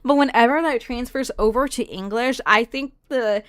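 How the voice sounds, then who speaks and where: A young woman streamer from the Southern United States talks through her game in casual, rambling commentary, trailing off and restarting as she goes. Her voice sits a bit high and comes through smooth and clear. The recording is dry, with almost no room sound. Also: moderate pace, no echo.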